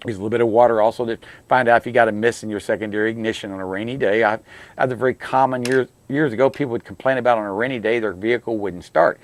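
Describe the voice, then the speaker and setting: A man's voice: mid-range voice, steady tone, very fast. A middle-aged man hosting a call-in car advice show, giving folksy, repetitive, plain-spoken repair tips. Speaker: radio show host, auto technician.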